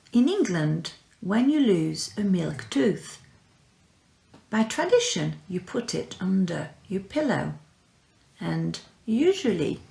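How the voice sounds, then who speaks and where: A woman teaching French to young children in a recorded lesson, speaking clearly and encouragingly and repeating words for her pupils. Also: lowish voice. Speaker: primary school French teacher. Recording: echoey room.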